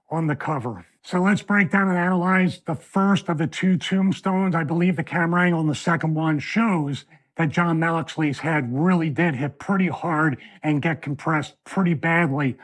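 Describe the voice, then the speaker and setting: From his home studio, a man with a high-sitting voice hosts a video breakdown of a wrestling match, analyzing it animatedly until it builds into a rant.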